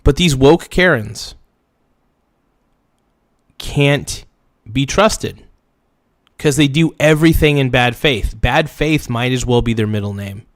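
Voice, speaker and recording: A man's voice: medium pitch, takes it slowly, long pauses, no room sound, studio quality. A man hosting a livestream, giving blunt, mocking political commentary with rambling asides. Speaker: streamer host.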